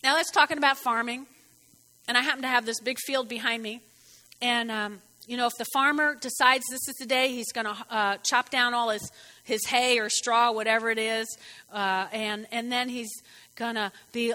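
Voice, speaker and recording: A woman giving an animated, casual sermon-style talk as a ministry leader, with rambling asides. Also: high voice, moderate pace, in a large hall.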